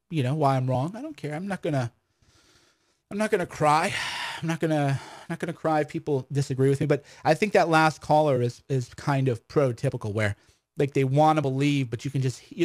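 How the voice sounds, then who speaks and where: A man's voice: a little high, dry recording, clean studio sound. A man hosting a call-in livestream, chatty, brash and sarcastic, talking casually with callers.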